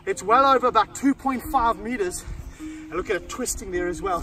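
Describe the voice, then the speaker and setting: Excitable high-voiced man handling snakes outdoors. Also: normal speed, far from the mic, soft background music. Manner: excitable, talks straight to viewers, breaks into whoops. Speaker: wildlife handler and host. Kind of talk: energetic outdoor wildlife demonstration.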